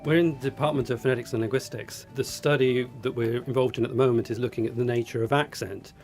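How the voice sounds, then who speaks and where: A man, a speech technology researcher, explaining his work in a measured interview. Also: mid-range voice, steady tone, darkish tone, soft background music.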